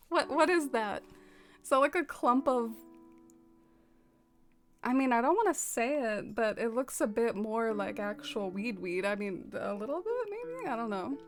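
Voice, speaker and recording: A soft-spoken woman streaming and chatting casually with her viewers. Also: a little high, lively intonation, unhurried, pauses often, faint music behind. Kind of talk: casual livestream chat.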